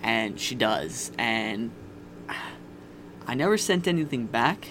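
A man's voice: medium pitch, sing-song, slow, background noise. A young man casually telling a candid, profane personal story on a podcast. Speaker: podcast guest.

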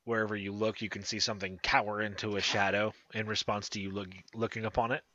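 A male game master narrating a tabletop game with a bright, crisp tone. He describes scenes haltingly, with plenty of fillers. It is a dry, slightly dull recording. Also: fairly low pitch, level tone, no room sound.

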